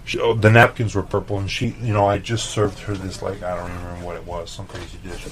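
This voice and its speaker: A man's voice: sits low, flat delivery, quick pace. A man, a chef, telling a long story in casual chat, acting out other people's voices and swearing freely. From El Paso, Texas. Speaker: chef guest.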